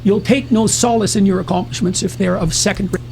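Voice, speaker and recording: A man's voice: high-pitched, steady tone, a little fast, creaky, a little mellow, a little hiss or hum. A man talking as a podcast guest, lecturing with emphasis and arguing his points. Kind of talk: podcast conversation.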